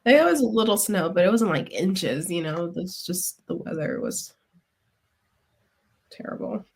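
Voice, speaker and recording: A woman's voice: fairly low pitch, animated, a little slow, gravelly, slight background noise. A woman co-hosting a podcast, rambling casually with frequent laughs and the odd swear. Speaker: podcast co-host. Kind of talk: casual chat.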